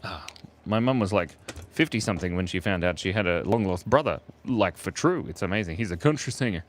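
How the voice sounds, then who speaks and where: A man's voice: sits low, expressive, fairly quick. An Australian man chatting playfully with viewers while drawing on a live stream.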